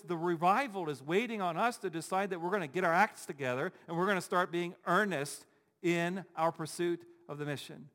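A pastor preaching a sermon in a church, emphatic and repetitive, full of rhetorical questions. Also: male voice, on the high side, a bit bright, big-room sound. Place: church sanctuary.

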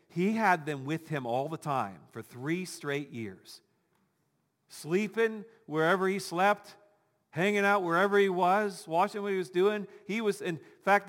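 A man's voice: a little high, a bit bright, long reverb tail. A male pastor giving a conversational sermon with touches of humor, acting out imagined voices of the congregation.

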